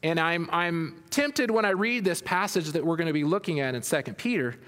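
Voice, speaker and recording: A man's voice: a little high, animated, fairly quick, a bit bright. Preaching man in a reverberant hall. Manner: reads scripture aloud then expounds with frequent restarts. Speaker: pastor. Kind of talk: sermon.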